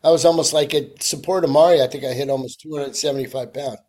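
A man's voice: mid-range voice, steady tone, fast talker, darkish tone. A man, a chef telling stories in casual chat, full of "you know". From New York. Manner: rambling storyteller, frequent "you know".

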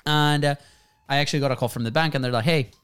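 A man in his thirties hosts a relaxed talk show, speaking with a smooth, resonant tone. His voice sits a little higher than most men's. He rambles through his story, restarting phrases and checking in with "right?". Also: fast. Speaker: podcast host. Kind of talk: casual chat.

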